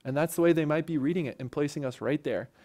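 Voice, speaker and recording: A man with a somewhat high voice leads a church Bible lesson. He talks in a relaxed, conversational way and keeps checking in with his listeners as he explains. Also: quick pace. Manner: conversational, often checks in with "right?". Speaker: church teacher.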